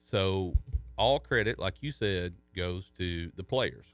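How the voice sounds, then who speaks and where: A man's voice: sits low, slow, a bit bright, no echo, faint music behind. A middle-aged man co-hosting a youth sports radio show, telling rambling stories and poking fun at himself in casual banter. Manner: chatty, self-mocking, rambling storyteller; jokey banter.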